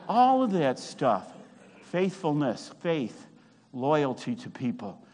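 A man's voice: on the high side, wildly swooping pitch, slow pace, darkish tone, a little hiss or hum. A man preaching a sermon while teaching from a chart, with emphatic repetition and self-mocking humor.

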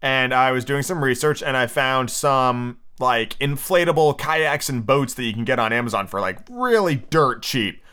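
A man's voice: mid-range voice, lively intonation, normal speed, hardly any pauses, sharp tone, clear, resonant tone. A drunk, tired man hosting a solo podcast, rambling and swearing casually between book readings. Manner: rambling, profane, full of fillers. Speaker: podcast host.

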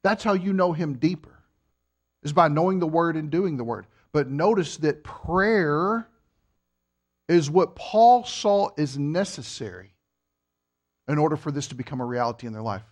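A man delivers a sermon to his congregation in a high voice that leaps all over its range. He teases and jokes with the listeners between points, then swells each point to an emphatic close. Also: moderate pace. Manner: animated, joking with the congregation, rising to emphatic peaks. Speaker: preacher.

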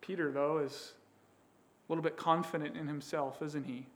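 A man's voice: on the high side, fairly even intonation, moderate pace. A man preaching a sermon as pastor, with emphatic delivery, voicing the words of figures in the text.

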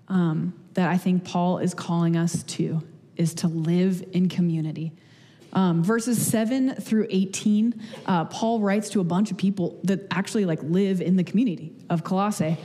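A woman's voice: lowish voice, warm tone. A young woman giving a casual, conversational sermon, chatty and self-deprecating, with storytelling asides. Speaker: speaker giving a church message. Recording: long hall reverb.

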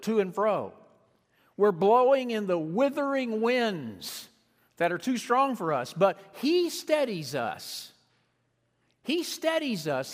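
A man preaching a sermon, emphatic, slowing down to stress key words and rising on repeated phrases. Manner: emphatic preaching with sweeping pitch and slowed stresses. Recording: long hall reverb.

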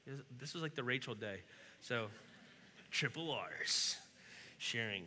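A man's voice: medium pitch, animated, measured pace, long pauses, sharp tone, a little hiss or hum. A male pastor giving a conversational, encouraging sermon and leading a closing prayer. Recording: long hall reverb.

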